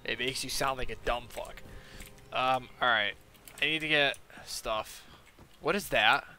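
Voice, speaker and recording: A man's voice: mid-range voice, unhurried, pushed and bright, a little hiss or hum. A young man streaming a game, chatting casually in a rambling, profane way full of fillers. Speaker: gaming streamer. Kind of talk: casual chat while playing a game.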